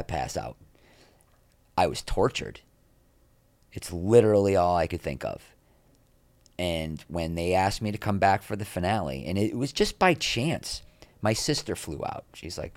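At a moderate pace and with no echo, a middle-aged man with a voice that sits low spins rambling, candid, self-deprecating stories as an interview guest. Quoting other people, he acts them out animatedly.

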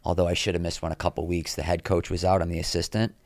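A middle-aged man spins animated stories as a podcast guest, tossing in quick asides. His voice sits low, and the recording is dry and close, with no room sound. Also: dry recording. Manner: animated anecdotes, quick asides, acts out quoted people. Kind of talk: casual interview storytelling.

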